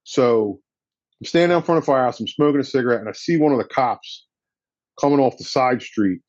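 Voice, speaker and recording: A man's voice: mid-range voice, fast, a little mellow, no echo, lo-fi sound. A man, a firefighter guest, telling a story in a blunt, casual way with slang and swearing. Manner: blunt and profane, drops in slang.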